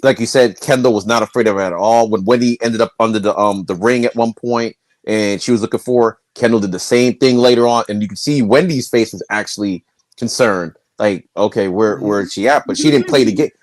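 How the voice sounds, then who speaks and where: A man on a wrestling review panel, giving his take in a relaxed way with lots of ums. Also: fairly low pitch, fairly quick, no echo. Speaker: panel guest. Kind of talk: casual chat.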